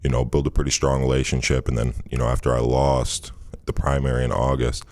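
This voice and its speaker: A man with an extremely low, flat voice tells his story in a loose, rambling way, full of "um"s and restarts. He sounds like a former athlete in his thirties from Michigan. The recording is close and dry. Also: a little fast, dry recording. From Michigan, USA. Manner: relaxed, rambling, frequent fillers and restarts. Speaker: interview guest, former basketball player. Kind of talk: casual storytelling interview.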